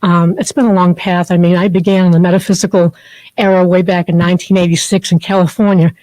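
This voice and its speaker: A woman who is a therapist and spiritual teacher speaks as a guest in a chapel, giving a heartfelt, rambling personal spiritual talk to a group, full of fillers. Her lowish, mellow voice moves little in pitch and she talks fast. The low-quality recording has no echo.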